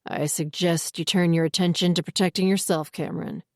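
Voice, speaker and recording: A woman voicing an older male werewolf leader, a former alpha, rough and stern with grief in his hushed voice. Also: a little high, flat delivery, brisk, no echo, clean studio sound. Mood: cold stern.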